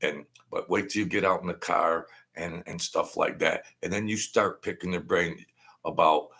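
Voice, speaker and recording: A man telling stories in a rambling, animated way, often repeating himself and acting out quoted voices. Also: deep voice, moderate pace, creaky. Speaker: host telling stories from mob life. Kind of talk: casual storytelling monologue. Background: lawnmower outside.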